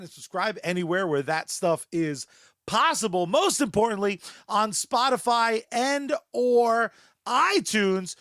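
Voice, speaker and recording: A man with a high voice co-hosts a casual comic book podcast. He jokes around and rattles off sponsor plugs. The sound is dry and close, with no room around it. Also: fairly bright tone, no echo. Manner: joking, fast sponsor plugs. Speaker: podcast co-host.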